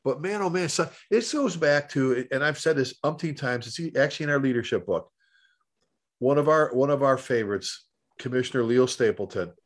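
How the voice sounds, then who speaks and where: A man co-hosting a podcast, a fire service instructor who tells stories in an animated way, full of restarts and stumbles. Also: mid-range voice, moderate pace. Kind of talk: casual storytelling chat.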